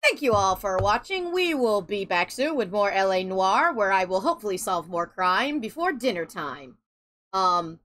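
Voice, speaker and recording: A woman's voice: medium pitch, very animated, moderate pace, fairly bright tone. A woman streaming a detective game, chatting casually and joking with her co-players. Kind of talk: casual gaming stream chat.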